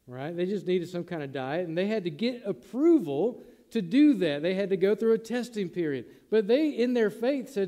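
A man with a high yet mellow voice preaches a sermon to his congregation in a church sanctuary. He keeps it conversational and acts out the lines he quotes. The hall gives his voice a long reverb. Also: lively intonation, moderate pace. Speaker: pastor.

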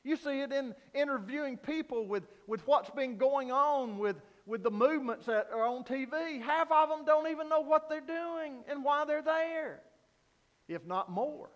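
Pastor, male, high voice, unhurried delivery, earnest sermon in a reverberant sanctuary. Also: expressive, lo-fi sound. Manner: earnest preaching, rising to loud emphasis then dropping low. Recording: long hall reverb.

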